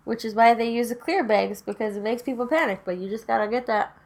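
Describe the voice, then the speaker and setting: Young woman with a gravelly creak. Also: fairly high pitch, fairly even intonation, fast. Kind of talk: casual chat about horror films.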